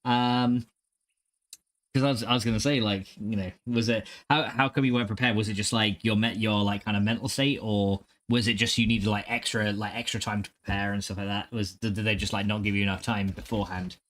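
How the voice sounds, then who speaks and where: A man's voice: on the low side, fairly even intonation, fairly quick, fairly bright tone. A man livestreaming from home, chatting loosely with viewers, swearing freely and restarting his sentences. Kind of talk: casual stream chat reading viewer messages. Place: home streaming room.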